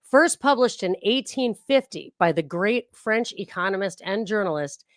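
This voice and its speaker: A woman's voice: mid-range voice, animated, normal speed, no room sound. Chatty woman podcast host, dry sound. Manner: chatty and digressive, with frequent restarts. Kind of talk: casual book reading and discussion.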